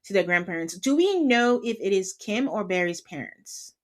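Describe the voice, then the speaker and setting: A woman's voice: mid-range voice, normal speed. Chatty woman recapping reality TV. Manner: chatty, acts out quotes with lively voices. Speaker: podcast host. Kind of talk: casual reality-TV recap chat.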